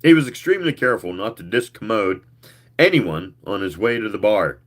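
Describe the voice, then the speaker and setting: A man reading a novel aloud, expressive and sometimes stumbling over words. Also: lowish voice, fairly quick. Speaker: reader.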